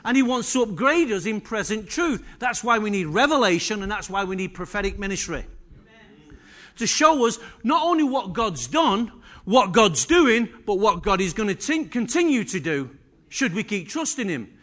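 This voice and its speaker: A man's voice: sits high, very animated, moderate pace, pushed and bright. A man preaching a sermon to a church congregation, emphatic and full of rhetorical questions. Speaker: pastor. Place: church service.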